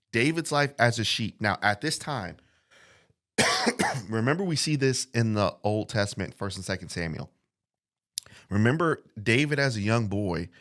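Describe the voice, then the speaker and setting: Male podcast preacher, lowish voice, earnest and repetitive teaching. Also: a bit bright. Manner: repeats phrases, reflective and earnest, reads scripture slowly. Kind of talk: casual sermon. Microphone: studio mic.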